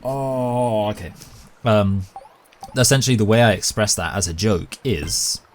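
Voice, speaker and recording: A man's voice: on the low side, normal speed, a little hiss or hum. A man with a British accent chatting casually while he plays a game, rambling through a long-winded, self-aware story. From Britain. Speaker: gaming YouTuber. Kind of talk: casual commentary while gaming.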